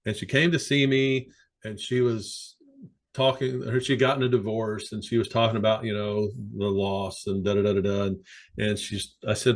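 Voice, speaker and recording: A man who works as a sports psychologist, speaking as a podcast guest and telling animated stories with plenty of fillers. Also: lowish voice, moderate pace. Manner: animated, anecdotal, many fillers. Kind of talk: conversational storytelling.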